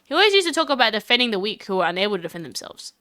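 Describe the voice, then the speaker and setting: A woman's voice: a little high, sing-song, racing, pushed and bright, no echo, clean studio sound. A woman with an Australian accent reading the lines of a goofy, boastful young man in a casual, rambling way.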